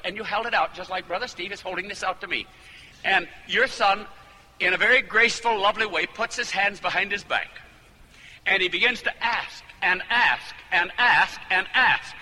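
Fervent preacher with a lively high voice. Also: male voice, moderate pace, slightly rough. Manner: fervent, rising to emphatic climaxes. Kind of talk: sermon. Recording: hall reverb with faint noise.

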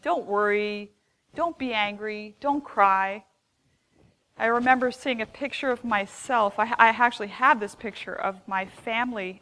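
Expressive woman counseling speaker. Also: medium pitch, rough recording. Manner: expressive, acts out quoted phrases; conversational with small restarts. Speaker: counselor giving a seminar. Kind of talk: live seminar talk to an audience.

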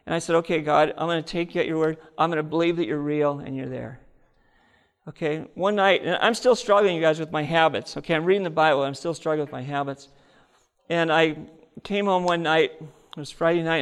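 A man preaches his personal testimony in an earnest, storytelling way, turning often to address the congregation. His voice sits a bit high with a gravelly edge. The sound rings with the long reverb of a large hall. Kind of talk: testimony sermon.

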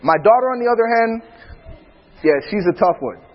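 A father giving a church talk on parenting, an animated storyteller who acts out his family's lines and laughs often. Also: extremely high pitch, fairly quick, long reverb tail, highs cut off. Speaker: father speaking alongside his wife.

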